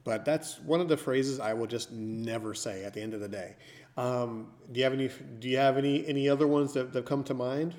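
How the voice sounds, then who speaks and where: A man's voice: medium pitch, fairly quick, darkish tone. A man from the northern US with a stutter, a podcast co-host who tells jokey stories in casual chat. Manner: joking, storytelling.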